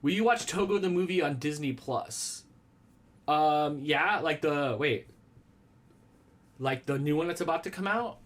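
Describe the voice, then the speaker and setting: A man's voice: on the high side, measured pace, long pauses, fairly bright tone. A man hosting a casual live stream from a small room at home. He rambles in a playful way, answers viewer comments and jokes about himself. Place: small room at home with a red wall and lava lamps.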